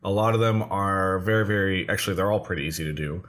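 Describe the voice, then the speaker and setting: Male host of a casual streamed show, slightly low pitch, talks in loose rambling bursts with lots of uhs and restarts. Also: quick pace, a bit bright. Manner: rambling, restarts often, many fillers. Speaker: podcast host. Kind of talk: casual livestream talk show.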